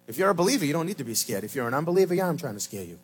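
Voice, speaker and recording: A man preaching a sermon as pastor, swinging between loud shouted points and low, quiet asides. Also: very animated, rapid-fire, breathy edge, low-quality recording.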